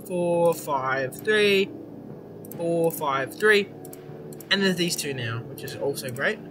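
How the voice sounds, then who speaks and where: Playing a horror game, a young adult gamer talks in a casual, excitable way, swearing frequently and reacting loudly to surprises. Their pitch sits in the medium range.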